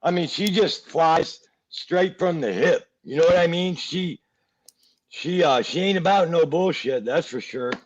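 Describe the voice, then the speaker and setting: A man co-hosting a live stream, talking slowly and in a laid-back way, laughing easily. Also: a little high. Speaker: co-host. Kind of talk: casual live-stream chat. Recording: dull lo-fi line.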